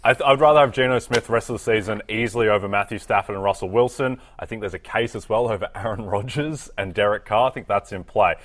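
A man's voice: fairly low pitch, fast, few pauses, fairly bright tone. A man co-hosting a fantasy football talk show, easygoing, laughing readily and answering with short agreements. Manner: easygoing, laughs often, brief agreeing replies. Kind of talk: casual sports talk.

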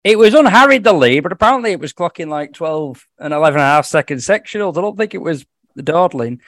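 A man giving casual horse racing tips on a podcast, talking quickly through form with a joking edge. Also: a little high, expressive, fairly bright tone, no echo. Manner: quick, chatty form analysis with jokes. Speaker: racing tipster.

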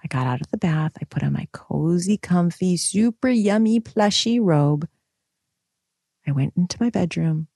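Thirties woman vlogger, animated and chatty, husky tone, dry recording. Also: fairly low pitch, moderate pace, no room sound. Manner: animated, expressive, swings between excited and soft. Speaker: mom vlogger and women's coach. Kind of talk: casual personal vlog.

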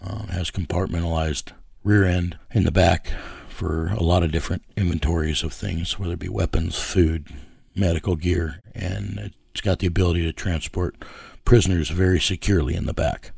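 A man's voice: low-pitched, fairly even intonation, moderate pace, gravelly, darkish tone, breathy edge, no echo, clean studio sound. A man working as a child recovery investigator, telling a story in an interview in a blunt, profane way with many fillers.

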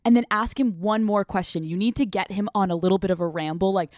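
A young woman hosting an advice podcast, talking casually in a blunt, sassy and profane way, with quick laughs, close to the mic. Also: mid-range voice, a little mellow, no room sound. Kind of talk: casual advice talk answering listener letters.

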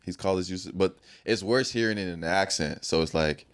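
A young man with a fairly low voice, talking easily on a casual podcast. He laughs along and keeps the chat going by asking questions. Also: fast talker. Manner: relaxed, laughing, asks questions.

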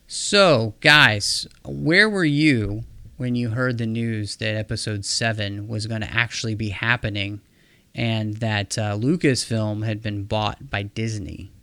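A man's voice: on the low side, takes it slowly, bright, forceful tone, no room sound. A man hosting a casual podcast, welcoming guests, with frequent fillers and restarts. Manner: friendly, hesitant with restarts and fillers. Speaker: podcast host.

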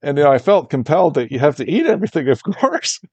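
A man's voice: on the high side, very animated, fast talker, a little mellow, slightly rough, dry recording. A man, a golf course architect, telling a long, rambling anecdote in a casual interview and livening up when he quotes other people. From Michigan, USA.

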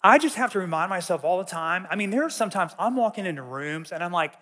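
High-voiced man preaching in a reverberant hall. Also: expressive, fast talker, fairly bright tone. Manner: conversational, tells personal stories. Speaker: teacher. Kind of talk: sermon. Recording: long reverb of a large hall.

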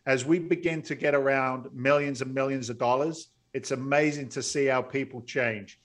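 A middle-aged man, a podcast guest, telling stories in a blunt, salty, animated way. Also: medium pitch, moderate pace. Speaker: podcast guest, real estate investor. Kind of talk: storytelling interview.

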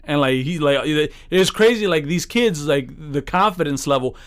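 A man's voice: fairly high pitch, expressive, moderate pace. A man co-hosting a podcast, telling a story in rambling casual chat with many restarts. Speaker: podcast co-host.

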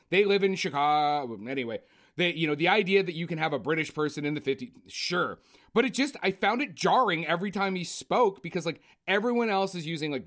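A man ranting in a casual, profane film review chat, animated and blunt. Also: sits high. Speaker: podcast co-host.

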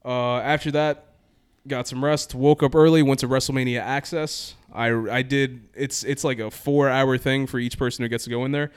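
A man telling a long trip story in casual podcast chat, animated, acting out quoted exchanges. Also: mid-range voice, moderate pace, hardly any pauses, clear, resonant tone.

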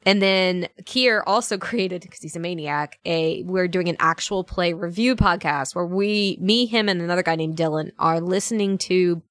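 In a casual podcast chat recorded dry and at studio quality, a woman voice actor guests and tells stories, acting out what people said to her. Her voice is lowish and fairly bright, at normal speed with few pauses, and she laughs and uses fillers often.

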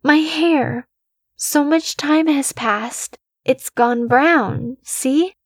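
A woman doing an unhinged man-child killer from a horror story, his voice pitched high and whiny like a small child's. The voice comes across close and dry, with a slow, drawn-out delivery that is deliberately creepy. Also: no room sound. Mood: childish, eager.

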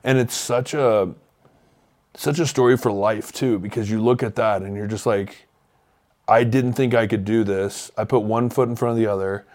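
A man's voice: lowish voice, steady tone, normal speed, darkish tone. A man co-hosting a podcast, reflecting earnestly in casual conversation with loose, rambling phrasing. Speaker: podcast co-host.

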